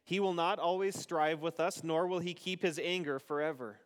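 A man leading a service as pastor, reading scripture aloud to a congregation in an unhurried way. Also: a little high, steady tone, clean tone. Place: church sanctuary. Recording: long reverb of a church hall.

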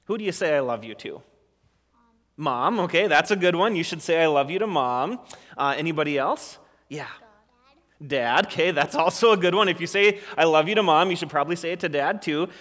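A man leading a children's sermon as a pastor, gentle and encouraging, often restarting his sentences. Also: on the high side, animated, brisk, big-room sound. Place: church sanctuary.

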